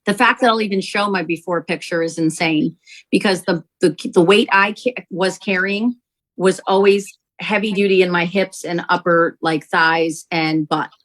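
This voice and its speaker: A woman, a company founder, telling an animated testimonial story to sell her product, acting out quotes as she goes. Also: fairly low pitch, normal speed, rough recording. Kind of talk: testimonial sales pitch.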